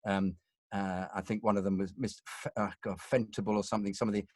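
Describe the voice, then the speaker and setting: A middle-aged man, a voice actor and interview guest, telling stories in an animated, self-deprecating way and acting out voices. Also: fairly low pitch, fast talker, dry recording. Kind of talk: casual interview storytelling.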